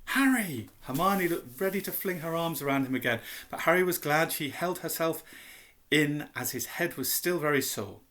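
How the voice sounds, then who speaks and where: A man narrating a children's fantasy novel in a measured, expressive reading. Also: a little high. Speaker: audiobook reader. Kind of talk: storybook narration.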